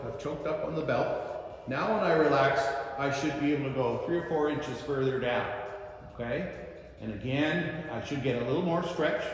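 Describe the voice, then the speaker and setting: Man coaching stretches in an echoey hall. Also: medium pitch. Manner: calm step-by-step coaching, counts slowly while holding a stretch. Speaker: karate instructor. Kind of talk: instructional demonstration. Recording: very echoey long-reverb room.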